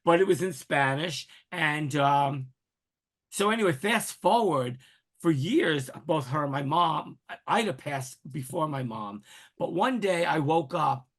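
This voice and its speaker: Man, gravelly voice, slightly high for a man, lively storyteller, casual interview. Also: unhurried. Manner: animated storyteller, acts out quoted voices. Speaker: interview guest.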